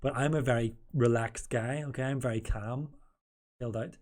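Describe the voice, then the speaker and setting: A man's voice: medium pitch, fairly even intonation, normal speed, a little mellow. Rambling jokey male stream host. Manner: rambling, self-correcting, jokey. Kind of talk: casual live-stream interview.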